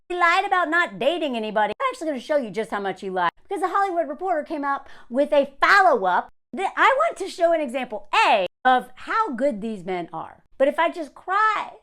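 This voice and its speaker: A woman's voice: high voice, a bit bright. A woman giving an opinionated commentary rant to camera in a sarcastic, scornful way. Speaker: commentary vlogger.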